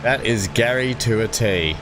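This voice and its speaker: A man's voice: lowish voice, unhurried, background noise. Chatty man rambling over a farm game. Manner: chatty, rambling, laughs at own jokes. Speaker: gameplay streamer. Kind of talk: casual gameplay commentary.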